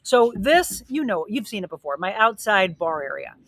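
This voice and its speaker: Outdoors by a pool, a woman fitness coach hosts a live workout demo, slightly out of breath as she energetically encourages viewers and reads their comments. Her medium-pitched voice swings widely in pitch at normal speed, over loud background noise with clicks.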